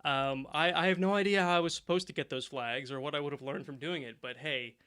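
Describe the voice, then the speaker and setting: A man's voice: a little high, fast, sharp tone, smooth. A man co-hosting a podcast in casual chat, telling stories and laughing often. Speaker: podcast co-host.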